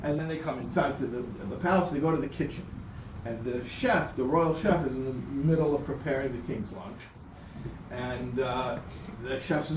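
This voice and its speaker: A man teaching a class and telling a story in a lively way, stumbling over and repeating words as he goes. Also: on the high side, normal speed. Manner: animated storyteller, repeats words, voices characters. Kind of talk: lecture with a told story. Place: synagogue class room. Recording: echoey room from far off, noisy.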